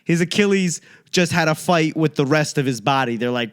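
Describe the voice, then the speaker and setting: A man from the United States hosts his own comedy podcast, ranting through profane tangents with jokey asides. His voice sits a little higher than most men's. He rambles loosely and wanders off topic. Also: moderate pace, smooth. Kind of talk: rambling solo podcast monologue.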